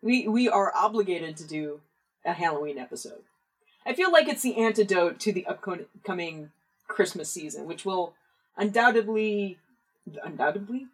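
A woman's voice: lowish voice, expressive, moderate pace, husky. A woman co-hosting a podcast, chatting casually and giggling, sometimes tripping over her words, recorded in a home basement. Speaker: podcast co-host. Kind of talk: casual chat.

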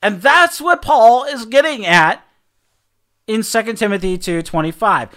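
A man delivers a sermon through an animated personal story, voicing both sides of each exchange. His voice sits high and sounds bright and forceful, and he often repeats words and restarts as he goes. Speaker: preacher.

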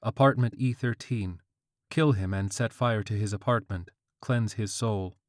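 A man's voice: fairly low pitch, measured pace, no echo, studio quality, natural voice. A man putting on a robotic phone voice claiming to be God. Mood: commanding.

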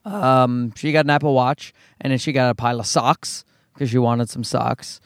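A man with a Newfoundland accent, hoarse from a cold, hosting his podcast in a rambling, profane, self-mocking chat. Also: medium pitch, steady tone, moderate pace, no echo, studio quality. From Newfoundland, Canada. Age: adult, married. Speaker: podcast host. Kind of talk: casual solo podcast chat.

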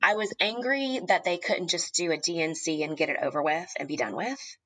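A woman in her thirties telling a deeply personal story, at times tearful, halting with ums and restarts. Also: bright, forceful tone, low-quality recording. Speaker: guest sharing a personal story.

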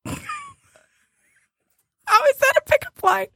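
A high-pitched woman in playful casual chat. Her voice moves widely as she reads out jokes and sings along. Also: huge pitch swings, slow pace, creaky, fairly bright tone, dry recording, studio quality.

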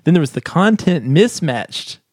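A man's voice: on the high side, big pitch swings, normal speed, darkish tone, no echo, studio quality. A man co-hosting a podcast, explaining a research study in a chatty way and laughing often. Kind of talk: casual science chat.

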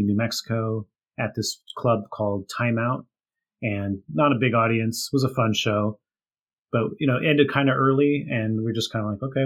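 A man, a guest author, chatting casually and telling a story with frequent laughs and fillers. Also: on the low side. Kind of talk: casual chat.

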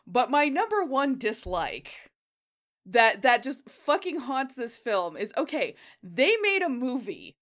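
A woman's voice: high-pitched, very animated, slow pace, a bit bright. A woman co-hosting a podcast, chatting casually and wryly about a movie, laughing as she talks. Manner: wry, swears casually, laughs while talking. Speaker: podcast co-host. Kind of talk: casual movie-review chat.

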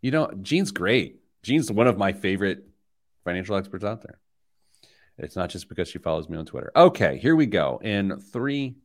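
A middle-aged man hosting a money radio show, telling stories in lively banter that gets loud when he's excited. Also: sits low, normal speed. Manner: animated storyteller, rising loud when excited. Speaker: radio show host, financial planner. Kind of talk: casual studio banter.

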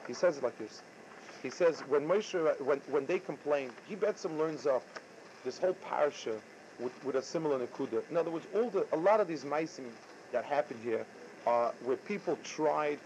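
A man giving a Torah lecture, halting and often repeating his words. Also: medium pitch, a little mellow, slight background noise. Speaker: rabbi. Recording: dull lo-fi recording.

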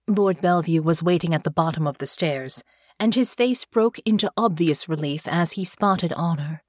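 A woman narrating an audiobook in a measured, expressive way. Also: lowish voice, faint music behind. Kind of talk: scripted narration.

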